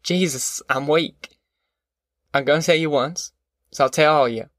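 A man's voice: fairly high pitch, a little slow, a bit bright, no room sound, clean studio sound. A man voicing a beaten, weary young farmhand son who speaks tersely in rural folksy speech.

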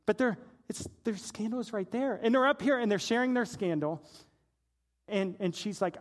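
A man preaching a sermon as a pastor, telling a story and swinging from hushed, low passages to shouted praise. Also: expressive, moderate pace.

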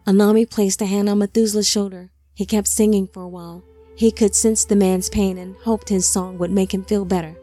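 A woman narrating an audiobook in a measured, somber storytelling manner on a close mic. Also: mid-range voice, steady tone, dark tone, faint music behind.

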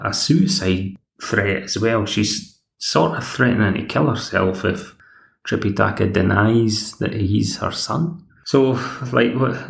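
Gravelly Scottish man chatting. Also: lowish voice, roomy sound. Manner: chatty, rambling, plays the characters' lines himself. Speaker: podcast host. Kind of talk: casual episode recap.

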